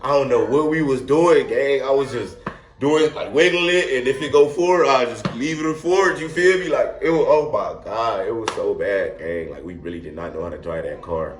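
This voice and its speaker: A young man telling a wild story in a casual, animated, slangy way, laughing often. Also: mid-range voice, moderate pace, slight background noise. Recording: echoey room.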